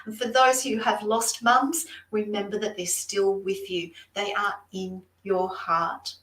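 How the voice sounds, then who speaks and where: A woman's voice: medium pitch, fairly even intonation, a little slow, fairly bright tone. An Australian woman doing psychic card readings on a livestream, chatty and effusive, talking straight to her viewers. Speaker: psychic reader, guest. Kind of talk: live-streamed card readings and chat. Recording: roomy room, distant mic.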